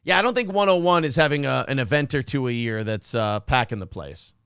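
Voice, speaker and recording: A man's voice: mid-range voice, lively intonation, a little fast, fairly bright tone, smooth, dry recording, clean studio sound. An American man hosting a morning show, ranting and joking sarcastically in casual banter. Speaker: radio show host.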